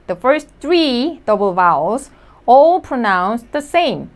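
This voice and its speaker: A woman's voice: medium pitch, sing-song, takes it slowly. A woman teaching a language class, patiently repeating each sound for learners. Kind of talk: slow spoken lesson.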